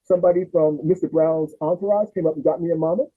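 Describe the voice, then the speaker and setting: The recording is tinny and phone-like as a podcast host in his sixties recounts family stories in casual chat. He talks at a quick pace in a slightly rough, fairly high voice, animatedly voicing his relatives.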